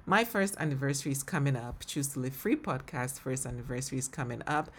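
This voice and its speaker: A woman with a Ghanaian accent speaks on her solo faith podcast in a low, full voice. Her talk is earnest and heartfelt, and she laughs often as she reflects. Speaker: podcast host and ministry leader.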